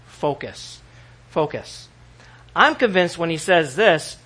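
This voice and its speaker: A man preaching to his congregation, lively and animated, often turning to them with questions. His voice sits a little high for a man. He acts out the people he quotes in his own voice. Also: unhurried. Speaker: pastor. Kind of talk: sermon.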